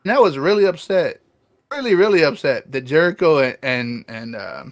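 A man co-hosting a casual wrestling review podcast, rambling excitedly, swearing freely and often clearing his throat. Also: a little high, normal speed. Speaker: podcast co-host.

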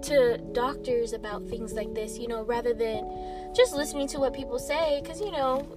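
A woman's voice: on the high side, moderate pace, over music. A young woman hosting a podcast, chatting casually with lots of swearing. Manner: profane, animated, swears a lot. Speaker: podcast host. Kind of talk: casual chat.

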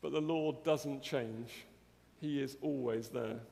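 A man with a mellow, mid-range voice and some vocal fry preaches a sermon slowly and earnestly, often asking the congregation tag questions like "isn't it?" The church hall gives the recording a long reverb.

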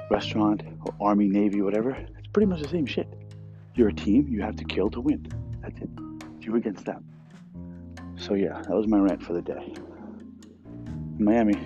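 Brief: profane cook ranting, mellow dark voice, dull lo-fi sound with faint music underneath. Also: male voice, lowish voice. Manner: blunt, profane, animated. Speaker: restaurant cook. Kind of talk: profane storytelling rant.

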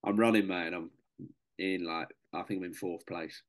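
A young man with a very deep voice tells a story on a podcast. He is casual and matey, calls people "mate", and swears freely as he goes. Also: steady tone, normal speed. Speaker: podcast guest, serving soldier.

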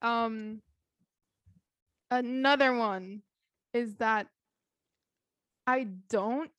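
A young woman chatting casually with a friend, blunt and excitable, often laughing. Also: on the high side, very slow, smooth, dry recording. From French background. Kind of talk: casual chat.

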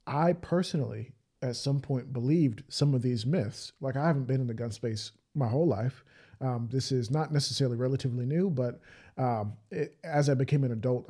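A man hosting a podcast interview, speaking reflectively and haltingly, with many restarts. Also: medium pitch, mellow. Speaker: podcast host.

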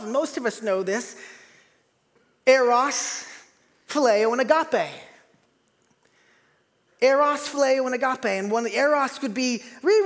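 A man preaching a sermon in a church, dynamic, swinging from loud to hushed. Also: very high-pitched, in a large hall. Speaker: pastor. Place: large church hall.

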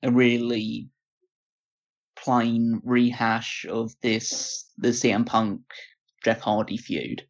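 A man's voice: medium pitch, flat delivery. Man chatting with a dull lo-fi sound. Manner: hesitant, restarts often, measured opinions. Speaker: podcast co-host. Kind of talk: casual wrestling chat.

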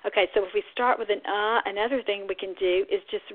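Over thin, tinny, phone-like audio, a woman with a mid-range voice speaks fast as a speech-language pathologist host. In a calm, explanatory podcast style she covers ways to help toddlers speak, steady in her explanations before bursting into high sing-song demonstrations.

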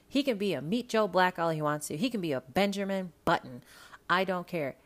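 A young adult woman hosting a casual solo podcast, talking bluntly and profanely in an animated, rambling way. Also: low voice. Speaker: podcast host.

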